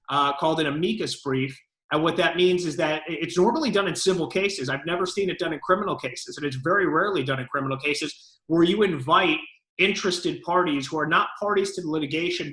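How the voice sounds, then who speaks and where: A man's voice: a little high, sharp tone, reverberant, rough recording. A man co-hosting a political talk show, giving emphatic, lawyerly commentary.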